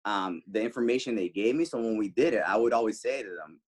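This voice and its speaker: A male radio host, the guest, telling animated stories casually, swearing freely. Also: fast talker, slightly rough. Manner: animated, swears freely, jumps pitch for quoted lines. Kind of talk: casual storytelling.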